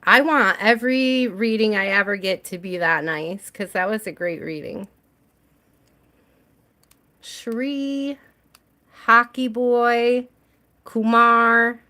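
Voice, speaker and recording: An American woman with a higher-pitched voice hosts a tarot livestream, speaking slowly with long pauses in a bright, forceful tone. She chats casually with viewers, reads their names aloud, and laughs often.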